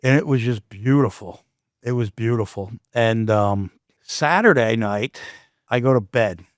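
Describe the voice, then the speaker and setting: A man's voice: mid-range voice, unhurried, dry recording, studio quality. A man hosting a podcast, telling a personal story casually and animatedly, often restarting his sentences. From Canada. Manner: animated, with frequent restarts and asides. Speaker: podcast host.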